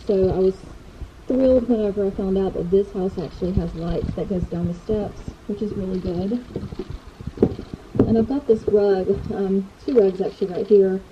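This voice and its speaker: A woman's voice: mid-range voice, steady tone, normal speed, highs cut off, noisy background. A woman vlogger walking through her new house, chatting casually with many fillers and a little out of breath. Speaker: vlogger giving a house tour. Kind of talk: casual house tour narration. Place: indoors, a house.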